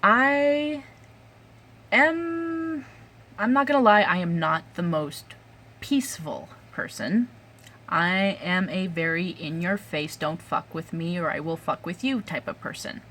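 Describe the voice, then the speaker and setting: Angry woman ranting, slow and halting. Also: fairly low pitch, a bit bright. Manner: angry, swearing, halting with fillers and sighs. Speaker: vlogger. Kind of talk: angry rant to camera.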